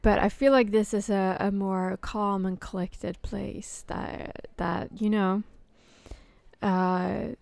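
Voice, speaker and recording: A woman chatting casually about work, stopping and restarting often with plenty of fillers. Her voice is smooth and clear at a middle pitch. The sound is dry and close. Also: darkish tone, no echo. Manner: halting, many fillers and restarts. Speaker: podcast host. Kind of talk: casual chat.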